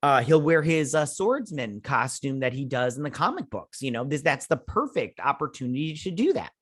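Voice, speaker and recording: A man's voice: medium pitch, big pitch swings, moderate pace, fairly bright tone, no room sound, clean studio sound. A man hosting a casual episode review, chatting through the plot in a rambling way with lots of fillers and restarts. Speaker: show host reviewing an episode.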